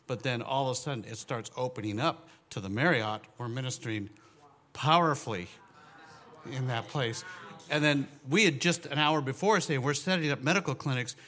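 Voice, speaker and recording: Man, mid pitch, casual recollection, rambling, fillers. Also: moderate pace, bright, forceful tone. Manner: rambling, searching for words with fillers.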